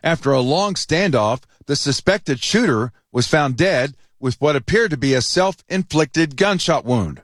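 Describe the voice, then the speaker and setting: A man reporting a news story for radio, reading it in a measured, serious way. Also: on the high side, animated, fairly bright tone, no room sound, clean studio sound.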